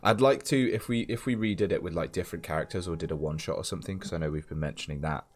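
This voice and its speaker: Deep-voiced man chatting while streaming. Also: racing. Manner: chatty, laughs often, reads choices aloud. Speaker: streamer playing a game. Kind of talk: casual game stream chat.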